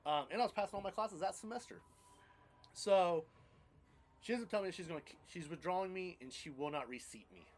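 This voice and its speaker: A man's voice: high-pitched, fairly quick. A man in his thirties casually telling his life story on a podcast, rambling and blunt, with casual swearing.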